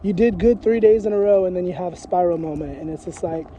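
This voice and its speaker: A man's voice: high-pitched, fast, dark tone, slight background noise. A man talking candidly and at length in a casual walking vlog, rambling with lots of fillers and frequent swearing, recorded outdoors on a street. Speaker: vlogger.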